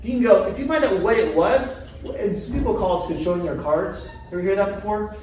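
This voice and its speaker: A middle-aged man, a chiropractor teaching a live seminar, who keeps quizzing his audience with quick questions. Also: sits high, a little mellow. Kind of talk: live seminar talk to a group. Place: seminar room. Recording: very echoey room, from far off, faint noise.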